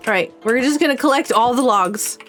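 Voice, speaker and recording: A woman streamer commenting live on a video game as she plays, excitable and full of gasps and exclamations. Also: on the high side, a little fast, soft background music.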